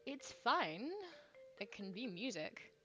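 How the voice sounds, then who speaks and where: A woman's voice: mid-range voice, animated, takes it slowly, sharp tone, dull audio, faint music behind. A woman, chatting casually and thinking aloud while streaming a game, with lots of fillers and rambling asides. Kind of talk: casual gameplay commentary.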